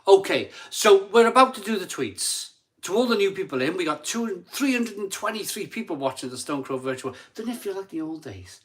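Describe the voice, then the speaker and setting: High-voiced, animated, and fairly quick, a middle-aged man from England chats his way through a casual live stream. He keeps restarting sentences and eagerly pleads with viewers for likes.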